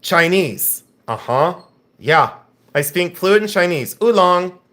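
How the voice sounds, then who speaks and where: A man's voice: on the high side, expressive, slow pace, fairly bright tone. An American man hosting a live-stream sale, teasing viewers and rambling between lots. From United States. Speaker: live auction host. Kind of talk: casual live-stream sales chat.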